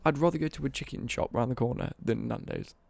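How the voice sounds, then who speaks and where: Sweary British guy ranting, gravelly. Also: medium pitch, quick pace, darkish tone, no echo. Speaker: live streamer. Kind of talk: casual live-stream rant.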